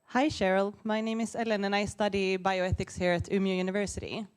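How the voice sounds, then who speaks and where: A woman's voice: mid-range voice, flat delivery, fairly quick, smooth. A woman student asking a speaker a polite, slightly hesitant question at a conference.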